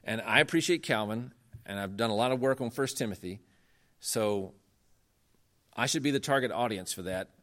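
A man's voice: normal speed, pauses often, a bit bright. A man giving a lecture on church history, earnest and emphatic, talking in a conversational way and pushing his voice up to stress points. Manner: earnest, emphatic, rising in pitch when making points; conversational with frequent fillers.

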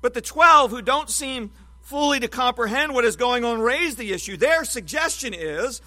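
A man with a high, forceful voice delivers an expository Bible sermon. He teaches in a measured, emphatic way, leaning hard on key words. His tone stays bright and clear throughout. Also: expressive. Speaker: preacher.

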